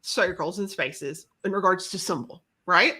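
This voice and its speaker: Bright-voiced woman chatting freely. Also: on the low side, unhurried, breathy edge. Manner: rambling, self-deprecating, frequent restarts. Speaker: interview guest. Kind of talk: casual conversation.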